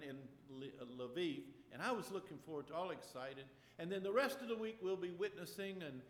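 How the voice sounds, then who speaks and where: Man preaching in a long-echoing hall. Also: on the high side. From Ukraine. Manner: earnest storytelling, acts out voices with sudden loud bursts. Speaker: pastor. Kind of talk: sermon with personal story.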